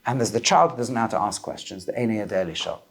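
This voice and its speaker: A man teaching a lively class as a rabbi, questioning his students and mixing Hebrew terms into English. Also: on the low side, fast talker, a little hiss or hum. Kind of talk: lively Torah class lecture.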